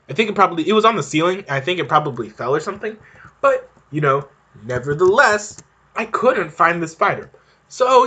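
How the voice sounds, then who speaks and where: A man's voice: a little high, pushed and bright. A young man hosting a podcast, talking in a casual, rambling monologue with many fillers and restarts. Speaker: podcast host.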